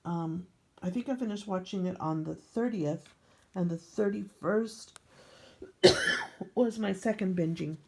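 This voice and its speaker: This older woman has a medium-pitched, darkish voice with vocal fry, and she speaks slowly with long pauses. She's a scrapbooking vlogger giving casual show-and-tell narration of her pages, meandering and saying um a lot.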